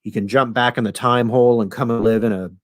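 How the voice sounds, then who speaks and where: A man's voice: mid-range voice, steady tone, fast, dry recording, clean studio sound, close to an everyday voice. A man retelling a dying, urgent time traveler. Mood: instructing. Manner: earnest, profane pleading.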